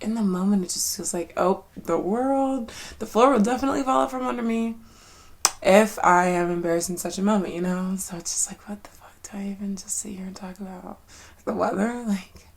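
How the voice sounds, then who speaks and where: A young woman rambling to herself in a casual solo vlog, candid and loose, full of "like" fillers, swearing freely and sometimes dropping to a near-whisper. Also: medium pitch. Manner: rambling and candid, swearing often, with frequent "like" fillers and sudden laughs; drops to a near-whisper when reflective. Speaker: vlogger.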